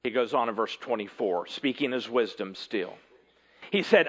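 A man preaching a sermon in an earnest way, often dropping low and quiet at the ends of phrases. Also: moderate pace, muffled recording. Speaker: pastor.

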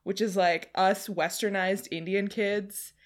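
A young woman co-hosting a podcast, an animated storyteller who mimics voices and laughs often. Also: mid-range voice, measured pace. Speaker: podcast co-host. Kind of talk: casual chat.

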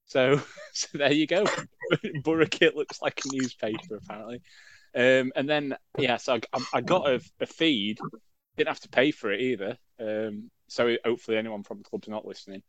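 A man's voice: medium pitch, moderate pace, a bit bright. Rambling, jokey male podcast host. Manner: rambling, jokey, lots of fillers and self-corrections. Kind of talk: casual chat.

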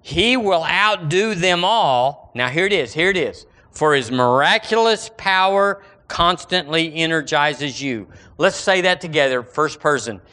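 A man preaching a sermon, folksy and emphatic, swinging from loud exclamations to low asides. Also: lively intonation, measured pace, few pauses. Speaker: pastor.

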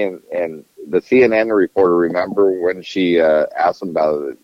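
A man with a deep, low voice talks politics loosely and crudely, rambling and circling back on his own phrases. The sound is dull and lo-fi, with a dry, close feel and no room echo. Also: fairly even intonation, moderate pace. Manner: profane, rambling, restarts sentences. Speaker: podcast co-host. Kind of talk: casual political chat.

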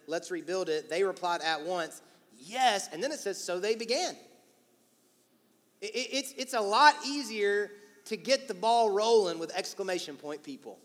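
A male pastor preaching an energetic, emphatic, encouraging sermon in church. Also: high voice. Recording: long church-hall reverb.

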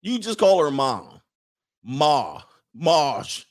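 A man's voice: medium pitch, animated, moderate pace. An American man ranting casually and comically to his stream viewers, preaching and reading out their comments. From United States. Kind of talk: casual comedic rant to viewers.

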